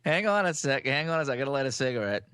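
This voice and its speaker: A man's voice: medium pitch, lively intonation, very fast, fairly bright tone, clean tone, dry recording, clean studio sound. A man co-hosting a podcast in casual chat, teasing and laughing a lot. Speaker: podcast co-host.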